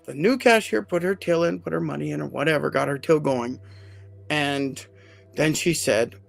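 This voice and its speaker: A man hosting a live podcast, telling a personal story in an emotional, animated way with many fillers. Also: on the high side, moderate pace, creaky, soft background music. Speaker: podcast host.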